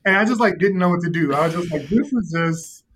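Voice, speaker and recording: Guy on a podcast, kinda high voice, telling a funny camp story, laughs a lot. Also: racing, noisy background. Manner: animated storyteller, laughs often, many fillers. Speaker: youth ministry leader, podcast guest. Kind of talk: casual podcast chat, storytelling.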